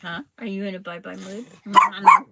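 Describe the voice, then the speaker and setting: An older woman talks slowly and unhurriedly, her pitch rising and falling in a lively sing-song. She chats casually as a quilting host and slips into cooing baby talk. The home recording carries steady background noise. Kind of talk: casual live chat.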